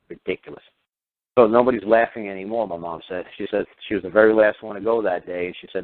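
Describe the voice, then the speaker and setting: A man's voice: fairly low pitch, fairly even intonation, fast. A man hosting a radio show, ranting heatedly and firing off sarcastic rhetorical questions with some swearing. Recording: tinny phone-line radio audio.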